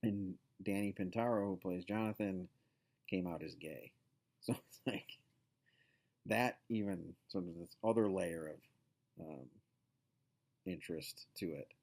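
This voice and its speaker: A man's voice: deep voice, measured pace, darkish tone. A man hosting a casual show, talking through a sitcom episode in a loose, rambling way full of fillers and asides. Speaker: podcast host.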